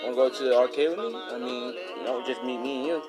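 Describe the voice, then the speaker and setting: A man's voice: mid-range voice, fast, lightly acted, poor audio. A man voicing an eager, friendly teenage boy in a spoken fan story, talking casually, with music behind.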